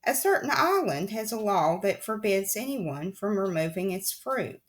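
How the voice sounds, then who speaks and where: Lively wry woman reading a storybook. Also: mid-range voice, normal speed. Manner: wry, confiding, addresses the listener. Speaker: audiobook reader. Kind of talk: audiobook narration.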